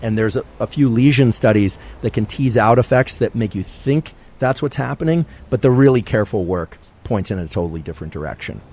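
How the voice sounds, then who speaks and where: A male scientist giving a calm, measured science podcast lecture. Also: on the low side, breathy edge.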